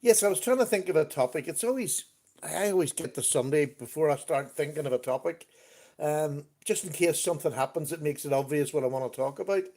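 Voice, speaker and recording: A chatty man hosting a relaxed live stream, with a voice pitched a little high for a man. He talks easily and greets viewers by name between his thoughts. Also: brisk. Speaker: livestream host. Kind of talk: casual live-stream chat.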